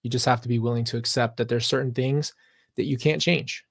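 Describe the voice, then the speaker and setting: An earnest man talks straight to his viewers during a live reaction stream, drifting into long reflective tangents. His voice sits at an ordinary male pitch and is recorded dry and close, with no room echo. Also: steady tone, brisk, creaky. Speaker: reaction channel host.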